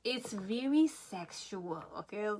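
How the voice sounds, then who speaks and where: A woman giving a pick-a-card tarot reading, excitable, often checking in with "okay?" and a bit out of breath. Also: medium pitch, takes it slowly, slight background noise. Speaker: tarot reader.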